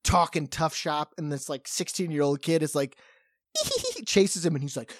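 A man's voice: a little high, normal speed, no echo, studio quality. A man co-hosting a podcast, telling a long story in casual chat with lots of fillers. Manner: rambling, animated storytelling with many fillers. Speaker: podcast co-host.

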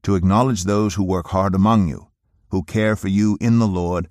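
A pastor reading a passage of scripture aloud, slowly and solemnly. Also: male voice, low voice, steady tone, darkish tone, no echo, studio quality, voice pushed down, natural voice.

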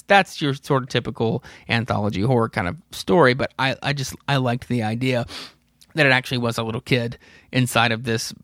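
A man's voice: medium pitch, gravelly, a bit bright, dry recording, studio quality. A man in his thirties hosting a podcast, casually retelling a comic story with rambling, profane asides and chuckles. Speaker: podcast host. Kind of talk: casual comic book recap.

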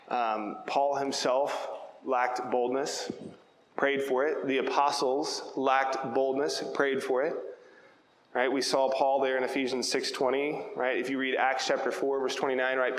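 Young guy preaching, emphatic and chatty, lots of "right?", big echoey church with a long reverb tail. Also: medium pitch. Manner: emphatic, conversational, keeps asking "right?". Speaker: pastor. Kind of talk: sermon.

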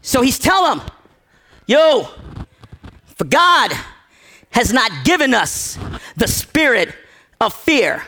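A man preaching a sermon, telling a story with repeated phrases, acting out the characters' lines and shouting at the peaks. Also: very high-pitched, sing-song, takes it slowly, long pauses. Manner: acts out characters' quoted lines.

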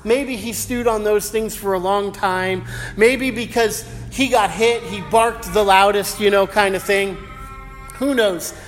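A man's voice: high voice, unhurried, soft background music. A middle-aged male pastor preaching an evening sermon, praying and then telling a personal story in a casual, slangy way. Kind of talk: sermon with prayer and personal anecdote. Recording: long hall reverb.

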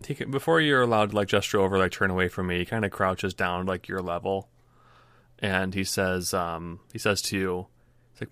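Deep-voiced male player, casual and hesitant. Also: normal speed, smooth, no echo. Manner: relaxed, hesitant, filler-heavy. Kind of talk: casual tabletop play.

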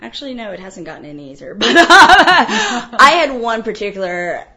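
A woman in casual conversation, telling an animated, profane story and laughing often. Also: fairly high pitch, moderate pace. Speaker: guest.

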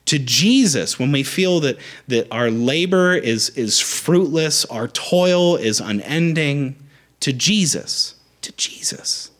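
A young adult man preaching a sermon as a pastor, emphatic and animated, repeating rallying phrases. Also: a little high, slow.

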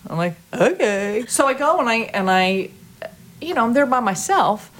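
A middle-aged woman from Chicago, a tap dancer and guest, telling a story casually with excitement and acting out the people in it. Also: medium pitch, moderate pace. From Chicago, USA. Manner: excitable, animated, acts out the people in her story.

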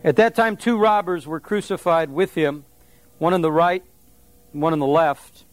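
A man preaching a sermon in a conversational, animated way, with asides to the congregation. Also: fairly high pitch, normal speed, dry recording. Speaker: pastor.

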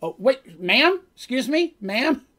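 A man's voice: very high voice, sing-song, moderate pace, pitched above the performer's own voice, exaggerated voice. A man voicing a nervous male adventurer who stammers and apologizes as he asks for help.

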